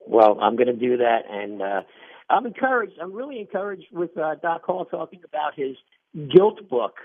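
A man's voice: fairly high pitch, very animated, moderate pace. A man calling into a radio show, sounding eager and grateful. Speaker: caller. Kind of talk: casual phone call. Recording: tinny phone line.

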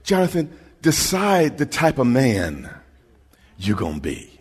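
A man preaching a sermon in a slow, deliberate delivery with wide swings in pitch. He moves from hushed passages to emphatic shouts, with a husky edge to his voice. Long reverb carries his voice through a large hall. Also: huge pitch swings.

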